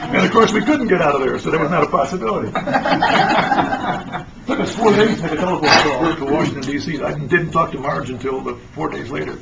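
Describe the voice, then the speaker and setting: This lecture features a man whose gravelly voice sits high for a man, talking fast while animatedly and emphatically telling stories. A noisy crowd surrounds him, and the sound is muffled and distant with faint noise.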